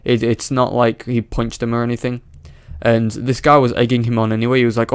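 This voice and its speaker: A man delivers swearing, mocking commentary on a viral clip in a flat, monotone voice. His voice is smooth and clear. It is recorded close to the mic in a dry room. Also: mid-range voice, brisk, hardly any pauses, dry recording. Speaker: reaction video commentator. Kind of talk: sarcastic reaction commentary.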